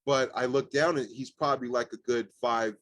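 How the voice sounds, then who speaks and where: A young man, a rapper and guest, telling animated stories casually with lots of fillers and swearing. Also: mid-range voice, moderate pace. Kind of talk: casual storytelling interview.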